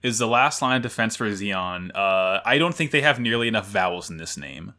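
A man's voice: fairly low pitch, a little fast. A man co-hosting a podcast, joking and rambling in casual chat while tired. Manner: jokey, animated, rambling with fillers. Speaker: podcast co-host.

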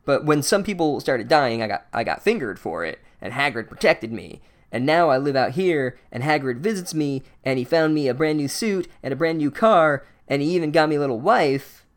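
A man's voice: fairly high pitch, expressive, normal speed, close to an everyday voice. A man voicing a laid-back male spider king who talks in a blunt, rambling, profane way. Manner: casual, profane, mock-serious.

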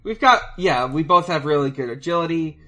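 A man co-hosting a podcast, chatting casually and reading a gamebook aloud with loose, halting phrasing and plenty of swearing. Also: fairly high pitch, animated, pushed and bright. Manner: loose and profane, halting with restarts and fillers while reading.

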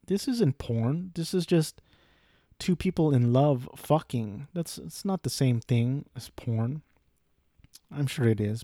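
A young man talks through a film review in a loose, rambling way, full of restarts, side comments and casual swearing. His voice is dark and mellow and sits at an ordinary pitch. The sound is dry and close, with no room around it. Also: no echo. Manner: rambling, profane, frequent restarts and asides.

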